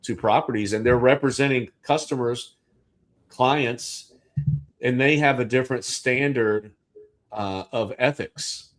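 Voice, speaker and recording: A man's voice: medium pitch, measured pace. Rambling man, casual chat. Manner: rambling, with restarts and asides. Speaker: livestream co-host.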